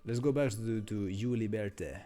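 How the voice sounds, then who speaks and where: A man's voice: fairly low pitch, unhurried, mellow, soft background music. A man streaming a video game, chatting casually and rambling with lots of fillers.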